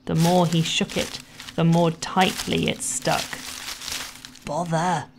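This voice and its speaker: Brief: woman storyteller, low pitch, gentle and measured read-aloud. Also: level tone, gravelly, noisy background. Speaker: narrator. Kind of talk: storybook reading.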